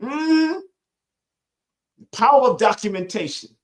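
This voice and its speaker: A man's voice: animated, takes it slowly. A man hosting a live-streamed spiritual lesson, preachy and emphatic, repeating lines for weight. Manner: swings between loud high bursts and low quiet asides.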